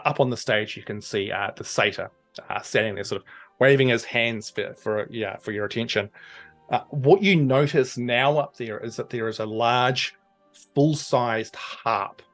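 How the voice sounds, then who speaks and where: A man's voice: mid-range voice, fairly bright tone. A man working as game master, narrating a tabletop game scene in a loose, descriptive way with many ums and uhs.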